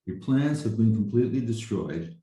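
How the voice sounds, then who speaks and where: An older man with a deep, very mellow voice tells a personal story over a video call. He rambles, restarting often. The room around him is very echoey. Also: lively intonation, normal speed. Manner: rambling, with frequent restarts and fillers. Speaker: speaker sharing a memory.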